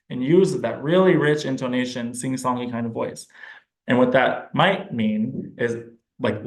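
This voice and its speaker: Man, speech therapist presenting to parents, relaxed explanatory talk, average pitch, echoey room. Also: measured pace. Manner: relaxed, explanatory, thinks aloud. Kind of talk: informal teaching presentation. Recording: roomy echo.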